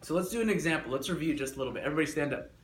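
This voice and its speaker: A young man teaching a classroom lesson, energetic and coaxing, repeating his instructions. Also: on the high side, rapid-fire. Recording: echoey classroom with faint noise.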